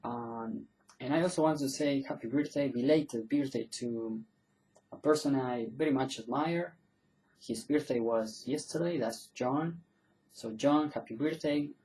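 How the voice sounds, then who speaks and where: A man teaching pronunciation in a relaxed online video, with a voice of middling pitch. He repeats each example word slowly so learners can copy it. He often trips, backs up and apologizes before carrying on. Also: rough recording. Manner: loose and self-correcting, often apologizing and restarting. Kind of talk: casual online video lesson.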